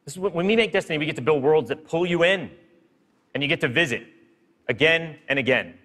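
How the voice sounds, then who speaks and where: Bright upbeat man presenting on stage. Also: on the high side. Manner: upbeat, hyping up a live audience. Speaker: game studio presenter. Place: stage in a large hall. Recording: long hall reverb from live stage.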